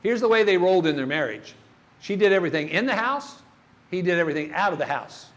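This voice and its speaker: A man's voice: sits high, lively intonation, quick pace, fairly bright tone. An older man giving a church workshop talk on grief, folksy and storytelling, asking the audience questions.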